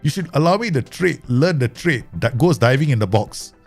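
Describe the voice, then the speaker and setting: Guy w streaming a footy manager game, gravelly, pitch jumping all over, laughs a lot. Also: normal speed, faint music behind. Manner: excitable, laughs often, animated pitch swings. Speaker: gaming streamer. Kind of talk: casual game commentary.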